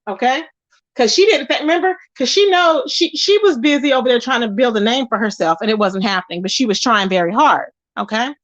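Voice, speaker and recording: Sassy high-voiced woman with lively pitch. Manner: sassy, emphatic, addresses viewers as y'all. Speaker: YouTube commentary host. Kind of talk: casual drama commentary chat.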